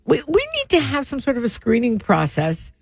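A woman's voice: a little high, big pitch swings, moderate pace, creaky, slightly rough, dry recording. A woman co-hosting a talk radio show, teasing and sarcastic in banter.

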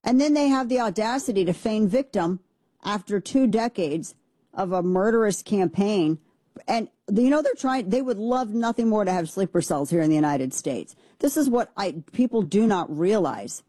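A woman's voice: medium pitch, lively intonation, moderate pace, mellow, no echo. A woman commentator giving a blunt, emphatic opinion monologue that rambles with restarts.

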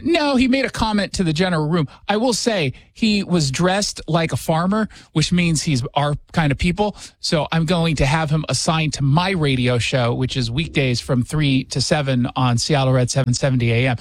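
Male radio host, sarcastic and joking, high-pitched, close dry mic. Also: no echo. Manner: sarcastic, joking, quick asides. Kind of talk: casual commentary chat. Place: radio studio.

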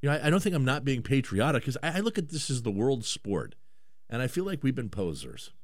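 Man, radio host, lively swooping pitch, dry close sound, rambling and stammering. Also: a little fast, no echo. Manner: animated, rambling, stammers and repeats words. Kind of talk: casual talk radio banter.

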